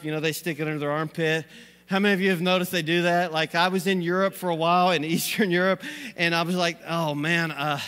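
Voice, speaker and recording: A man's voice: fairly high pitch, sharp tone, clear, resonant tone. A man preaching a sermon in a church, folksy and rambling, with lots of fillers and small chuckles. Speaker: pastor. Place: church sanctuary. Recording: long reverb of a church hall.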